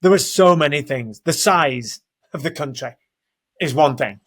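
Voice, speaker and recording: A man's voice: a little high, unhurried, fairly bright tone. Chatty Northern English man. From Northern England. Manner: rambling, self-correcting, chatty. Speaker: guest, soccer program leader. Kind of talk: conversational interview. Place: home, house in Denver.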